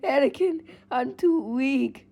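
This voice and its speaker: A woman voicing an old male evil emperor who pleads in a high, whiny voice. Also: takes it slowly, gravelly, warm tone, heavily acted. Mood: pleading.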